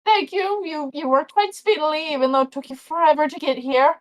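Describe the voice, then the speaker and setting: A woman's voice: high voice, brisk, voice pushed up, natural voice. A woman voicing a fussy, chatty old male farmer who babbles on. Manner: babbling, doting, rambling.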